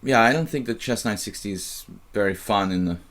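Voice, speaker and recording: A man streaming chess online, thinking aloud about the game in a halting way, with many fillers and restarts. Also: fairly low pitch, fairly bright tone.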